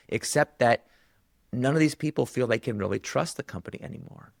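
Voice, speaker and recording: A man, a guest author, telling a story in conversation and acting out the quoted dialogue with lively jumps in pitch. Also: quick pace, gravelly, no echo, studio quality.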